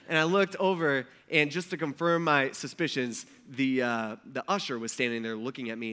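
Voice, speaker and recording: Male pastor, fairly high bright voice, chatty anecdotal sermon delivery. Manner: storytelling, conversational and animated.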